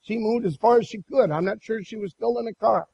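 A man preaching a sermon and telling a personal story in an animated way, with many restarts. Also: high voice, a little fast, gravelly, slightly rough, highs cut off. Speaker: pastor.

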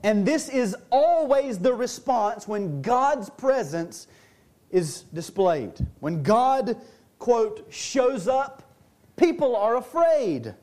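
A man preaching a sermon, earnest, slowing down and dropping his voice low to stress key lines. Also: sing-song, darkish tone. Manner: earnest preaching, slows and drops low for emphasis. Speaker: pastor.

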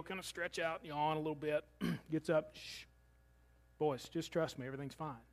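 High-voiced male pastor preaching. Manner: conversational preaching with humorous asides. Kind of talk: sermon.

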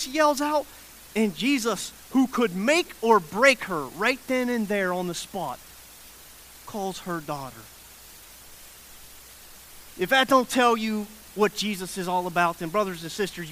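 A man's voice: high voice, expressive, normal speed, fairly bright tone. A man preaching a sermon in a conversational way. He repeats his phrases, checks in with his listeners, and acts out the people in the story. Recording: faint hiss.

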